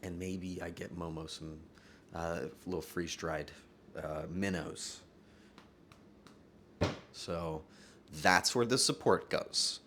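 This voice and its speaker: A man's voice: sits low, steady tone, slow pace, long pauses, a bit bright, slight background noise. A man streaming live and talking to his chat, earnest and profane, joking and laughing often. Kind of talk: livestream talk to chat.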